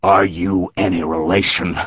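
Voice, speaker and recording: A man's voice: low voice, flat delivery, unhurried, slightly rough, dry recording, lo-fi sound. A man voicing a burly, drunk, red-faced bearded male mob ringleader who bellows jeering taunts. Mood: menacing.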